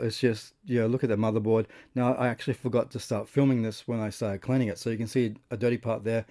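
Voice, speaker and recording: Chatty Australian man with a mellow voice. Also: medium pitch. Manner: rambling and chatty, with many fillers and restarts. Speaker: host of a retro console restoration channel. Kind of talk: casual narration of a restoration video.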